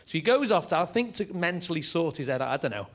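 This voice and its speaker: A man's voice: on the high side, fast talker. A man doing a stand-up comedy set, telling stories with energy. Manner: energetic, animated storytelling.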